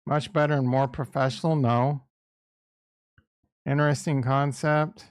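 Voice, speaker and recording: A man's voice: medium pitch, flat delivery, a little slow, clear, resonant tone, no room sound, studio quality. A middle-aged man hosting a livestream, chatting in a blunt, rambling, crude way. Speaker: livestream host. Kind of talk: casual livestream chat.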